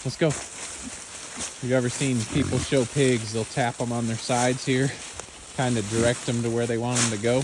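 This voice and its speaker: A man's voice: mid-range voice, level tone, normal speed. Easygoing farmer man outdoors. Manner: easygoing, talks to his animals while walking. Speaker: small farm owner. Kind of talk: casual farm vlog narration. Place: outdoors in wooded pasture. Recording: outdoor ambience with clear background noise.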